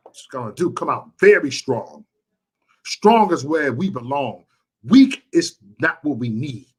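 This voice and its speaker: A man from Chicago on a live stream, ranting and repeating himself with stammers, swinging from loud outbursts to quiet, upset muttering. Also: mid-range voice, expressive, a little slow, breathy edge. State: frustrated and upset. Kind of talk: emotional live-stream rant.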